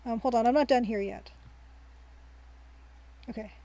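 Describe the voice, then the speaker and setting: A woman with a somewhat high voice talks her way through a game on stream. Her commentary is casual and rambling, full of ums and restarts as she thinks aloud. She sounds cheerful and laughs easily. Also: measured pace, mellow, highs cut off. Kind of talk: casual let's-play commentary.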